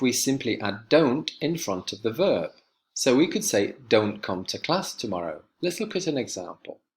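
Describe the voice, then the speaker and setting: Addressing students directly, a man delivers an English grammar lesson clearly and emphatically, his pitch fairly low.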